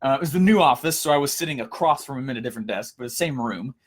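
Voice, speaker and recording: A young man giving a casual coaching lesson, energetic and storytelling, with frequent fillers and restarts. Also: mid-range voice, very fast. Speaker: course instructor.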